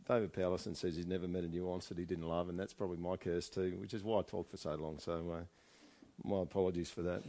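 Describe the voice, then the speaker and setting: A man's voice: medium pitch, darkish tone. A man preaching a chatty sermon in a church, often asking the congregation questions. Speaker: pastor. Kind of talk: conversational sermon.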